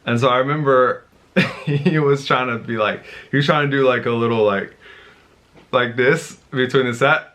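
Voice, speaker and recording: A man vlogging, telling a rambling, animated story with many restarts. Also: medium pitch. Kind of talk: casual storytelling to camera.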